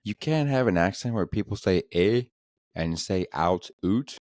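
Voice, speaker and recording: Young male podcast host, very low, crude sarcastic rambler, dry room. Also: expressive, moderate pace, darkish tone, dry recording. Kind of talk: solo comedy podcast rant.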